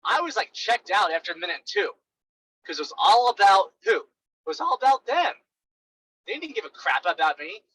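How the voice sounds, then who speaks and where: A man's voice: high-pitched, sing-song, normal speed, fairly bright tone, a little hiss or hum, low-quality recording. A young man coaching sales calls in a casual, blunt monologue, full of fillers like "right" and "like".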